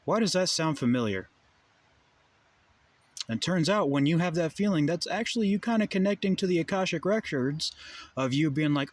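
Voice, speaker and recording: A man's voice: on the high side, lively intonation, moderate pace, long pauses. A young adult man delivering a heated, profane monologue full of rhetorical questions. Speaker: vlogger. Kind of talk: ranting monologue.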